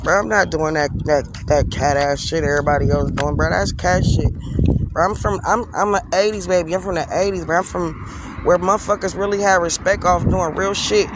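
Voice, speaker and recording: A man's voice: high-pitched, fairly even intonation, brisk. A man in his forties rants bluntly and profanely in a casual monologue, talking outdoors. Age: 40s. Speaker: vlogger. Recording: outdoor street and traffic noise.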